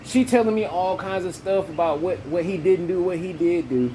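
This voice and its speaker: A man from the telling a personal story in casual, profane, animated chat. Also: normal speed, slight background noise, rough recording. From Southern United States. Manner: animated, profane, jumps into high voices when quoting himself. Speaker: podcast host.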